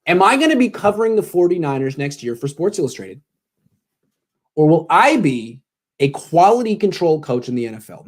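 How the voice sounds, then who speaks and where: A young man hosting a postgame live stream, joking sarcastically and answering donations, his voice cracking when he gets worked up. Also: a little high. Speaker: sports show host.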